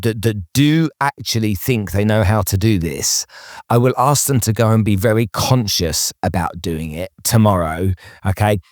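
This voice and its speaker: A man's voice: lowish voice, a little mellow, dry recording, clean studio sound. A man hosting an interview podcast, talking emphatically with many restarts and checking in with "okay?". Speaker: podcast host. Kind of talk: casual interview chat.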